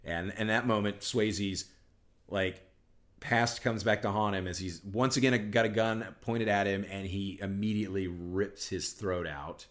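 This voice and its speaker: A man's voice: lowish voice, steady tone, unhurried. A man co-hosting a podcast in casual chat, rambling and restarting his sentences as he retells scenes. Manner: rambling, restarts sentences, acts out movie lines. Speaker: podcast co-host.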